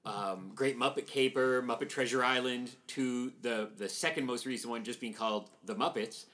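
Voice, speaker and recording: A man's voice: medium pitch, normal speed, fairly bright tone. Rambling man in casual chat. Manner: rambling, many restarts and fillers.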